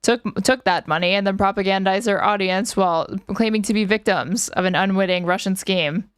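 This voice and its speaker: Woman streamer, sarcastic commentary, smooth clear voice, dry close sound. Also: medium pitch, a little fast, dry recording. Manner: sarcastic, reads articles aloud with asides. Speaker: streamer reacting to news clips. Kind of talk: casual commentary over clips.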